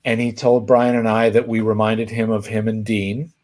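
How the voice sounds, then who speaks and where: A man's voice: on the low side, normal speed. A man co-hosting a casual live Q&A, telling a story and acting out the people in it. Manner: animated storyteller, acts out quoted voices. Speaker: co-host answering viewer questions.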